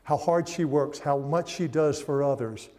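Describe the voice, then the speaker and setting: A man's voice: a little high, normal speed, darkish tone, long reverb tail. An older man preaching a revival sermon, telling homey stories in a folksy way. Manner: folksy storytelling with laughs. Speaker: guest preacher. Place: church sanctuary.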